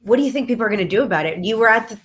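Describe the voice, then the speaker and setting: A woman hosting a casual interview, asking questions in a quick, conversational way. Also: a little high, animated. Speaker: host. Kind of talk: casual interview over a video call. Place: Miami.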